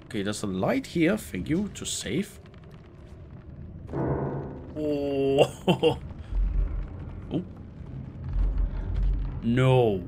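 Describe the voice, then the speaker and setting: A man's voice: mid-range voice, very animated, extremely slow, long pauses. A man with a Scandinavian accent, a gaming host muttering, groaning and swearing through a horror let's play. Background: game music.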